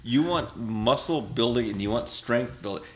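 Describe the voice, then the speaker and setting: A man's voice: mid-range voice, moderate pace, crowd noise. A man co-hosting a casual chat, acting out quotes and laughing often. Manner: animated storyteller, acts out quotes, laughs often. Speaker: podcast co-host.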